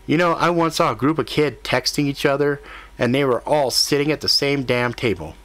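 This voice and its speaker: A snarky female cat spirit with a blunt, grumbling way of talking, as a male narrator puts her on. She sits at a middling pitch for a man and pushes her voice up higher. The performance reads as a storybook character voice. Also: fairly quick, fairly bright tone, close to an everyday voice. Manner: blunt, grumpy, food-loving.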